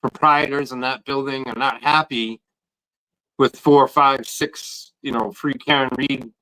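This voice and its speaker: A man's voice: medium pitch, steady tone, a little slow, pushed and bright, poor audio. A man, talking casually and rambling about protesting outside a court, often restarting his sentences. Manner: rambling, repeats words when starting sentences. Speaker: guest protester. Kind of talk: casual podcast chat.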